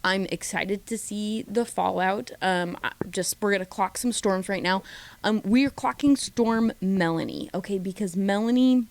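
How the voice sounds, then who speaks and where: A chatty woman recaps a reality dating show, gossiping and dropping into quick impressions of the cast. Her voice has a gravelly, fry-tinged edge at a middle pitch. The sound is dry and close, with little room around it. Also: no echo. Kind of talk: casual recap commentary.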